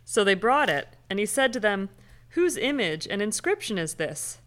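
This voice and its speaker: A woman's voice: mid-range voice, sing-song, normal speed, a bit bright. Woman reading scripture aloud. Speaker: scripture reader.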